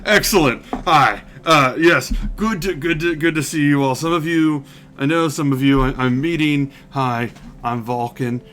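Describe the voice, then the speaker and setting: A man voicing a boisterous, fatherly old male forge god who rambles and stammers with loud bursts. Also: on the high side, a little slow, a little hiss or hum. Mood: excited.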